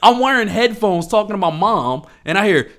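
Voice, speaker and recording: Animated, lively man ranting profanely. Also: sits high, moderate pace. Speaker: podcast co-host. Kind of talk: casual chat.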